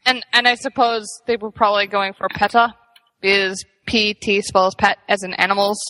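A woman's voice: medium pitch, flat delivery, moderate pace, pushed and bright, in a large hall, low-quality recording. A woman co-hosting a podcast in casual chat, chatty, laughing often and restarting sentences. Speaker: podcast co-host.

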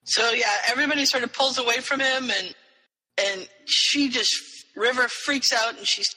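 A high, bright man with a husky edge retells a story with lively swings in pitch. His voice carries a long hall reverb. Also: normal speed. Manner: animated, slips into character voices while retelling. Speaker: podcast co-host. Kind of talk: casual chat, retelling a story.

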